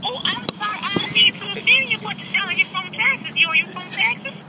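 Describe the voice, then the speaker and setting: A man in his thirties talks in a strikingly high, squeaky, childlike voice while pranking someone on the phone. The call is buried in loud noise and hiss. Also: fast talker. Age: 30s. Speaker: prank caller.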